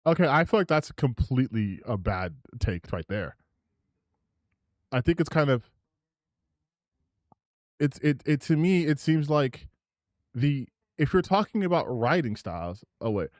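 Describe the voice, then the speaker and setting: Animated, rambling male streamer. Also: mid-range voice, measured pace, pauses often, no echo, clean studio sound. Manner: animated and rambling, with many restarts. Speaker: streamer host. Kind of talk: live reaction commentary.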